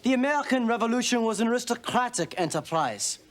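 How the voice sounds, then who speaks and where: A sneering aristocrat. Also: male voice, extremely high pitch, animated, quick pace, a bit bright. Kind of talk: sitcom acting. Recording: sitcom track with hiss and audience laughter.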